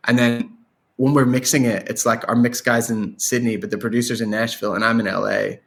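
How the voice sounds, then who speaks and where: An Irish man, a guest songwriter, talking in a rambling, animated way in a casual interview. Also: medium pitch, fairly quick, vocal fry. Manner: rambling, animated storyteller with laughs and restarts.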